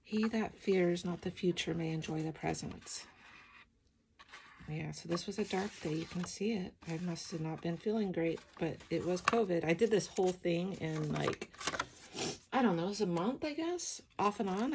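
A middle-aged woman with a sleepy morning voice, chatting softly and emotionally as she flips through her art journal, with many ums. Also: on the low side, normal speed, gravelly, background noise. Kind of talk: casual flip-through chat.

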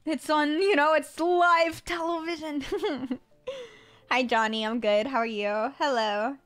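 A woman's voice: sits high, steady tone, slow pace, fairly bright tone. A young woman from the Florida Panhandle chatting casually with her live-stream viewers, rambling with lots of fillers and stumbling over her words. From Florida Panhandle, USA. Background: faint music.

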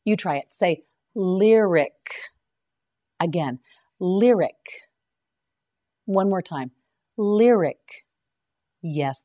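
A woman teaching English vocabulary in a slow, deliberate drill, repeating each word clearly and praising the learner. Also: fairly low pitch.

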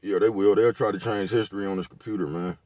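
A man with a lowish voice speaks in in a loose, repetitive rant. He drops slang and profanity all the way through, recorded dry and close with no room sound. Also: fairly even intonation, fast, darkish tone, dry recording. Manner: laid-back, repetitive, peppered with slang and profanity. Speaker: vlogger giving commentary. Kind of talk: casual rant to camera.

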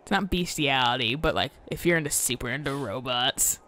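Lively, foul-mouthed young woman gamer. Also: very deep voice, a little fast, crowd noise. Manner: crude, profane joking. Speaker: co-host of a let's play. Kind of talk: casual chat over gameplay.

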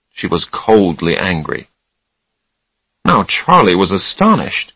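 Slow, deliberate male storyteller. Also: sits low, very animated, fairly bright tone, breathy edge, no echo, highs cut off. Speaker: narrator. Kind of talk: scripted storybook narration for English learners.

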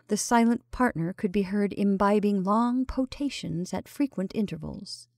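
A woman reading a classic short story aloud in a measured, expressive storytelling style. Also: medium pitch, no room sound, clean studio sound. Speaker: story reader. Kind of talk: scripted storytelling narration.

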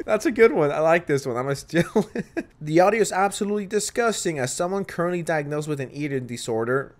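A man hosting a reaction commentary, talking bluntly and mockingly, swearing often and laughing at what he watches. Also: a little high. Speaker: commentary host.

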